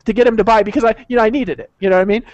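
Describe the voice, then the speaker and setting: A man's voice: sits high, fairly even intonation, racing, a little mellow, no room sound, muffled recording. A man casually telling a story in an online group video chat, rambling, profane and full of repeated words and restarts, heard over a video call. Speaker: network marketer telling a story.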